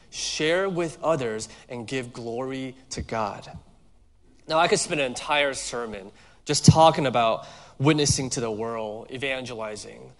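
A man preaching a sermon with a slightly raised pitch and a relaxed, conversational delivery that leans on everyday stories. His voice rings with a long reverb, as if from a church hall. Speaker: pastor.

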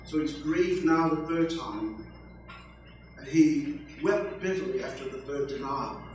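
An older man preaching a sermon, slow and emphatic, with joking asides. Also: medium pitch, darkish tone, soft background music. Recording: echoey hall from far off.

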